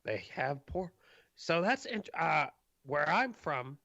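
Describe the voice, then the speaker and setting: Dude voicing a gruff grumpy half giant, gravelly, grumbly and rude. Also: male voice, on the high side, very animated, slow pace, pushed and bright, no echo, lo-fi sound, voice pushed up, exaggerated voice.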